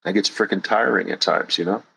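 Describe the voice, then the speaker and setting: A man's voice: low-pitched, a little fast, creaky, a bit bright, slightly rough, poor audio. A man hosting a podcast, giving a blunt, passionate monologue with crude emphasis. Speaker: host.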